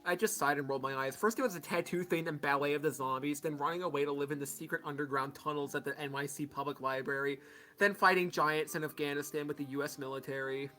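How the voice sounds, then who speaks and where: A man's voice: on the high side, fast, pushed and bright, soft background music. A young man reading a children's book aloud to friends on a call, stumbling, restarting and breaking off to joke.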